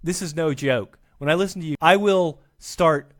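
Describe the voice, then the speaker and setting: Chatty, self-mocking man with a raised pitch. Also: normal speed, a bit bright. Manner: rambling, self-deprecating, many restarts. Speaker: podcast guest. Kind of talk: casual chat.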